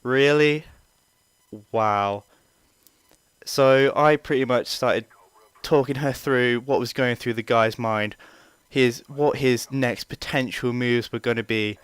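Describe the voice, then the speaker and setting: Chatty young man, very clear voice. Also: medium pitch, fairly even intonation, unhurried, hardly any pauses, dry recording. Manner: rambling, chatty, swears freely, many fillers. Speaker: vlogger. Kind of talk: casual storytelling.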